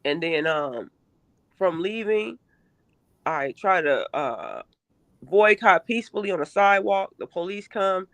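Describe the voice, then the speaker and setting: A middle-aged woman giving an emotional first-person account in an interview, halting and repeating herself with emphasis. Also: lowish voice, lively intonation, no echo. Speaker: interview guest, mother.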